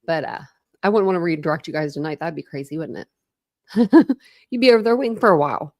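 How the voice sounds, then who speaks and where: A woman's voice: fairly low pitch, fast, a little mellow, no echo, studio quality. A woman hosting a true crime livestream, chatting casually with viewers and thanking them by name, with frequent ums, laughs and stretches of reading aloud.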